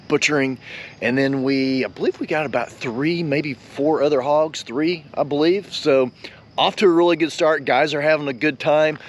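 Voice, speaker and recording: A man talks in a relaxed, folksy vlog style while outdoors on a hunting property. His voice sits at an ordinary pitch, and a faint outdoor hiss runs underneath. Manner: folksy, laughs often, drops to a whisper in the blind. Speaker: host. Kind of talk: casual outdoor vlog chat.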